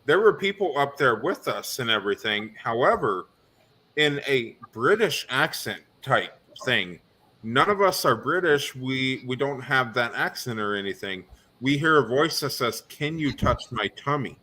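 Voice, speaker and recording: Podcast host, man, bright sound, halting questions thick with fillers. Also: mid-range voice, animated. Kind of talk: casual video podcast chat.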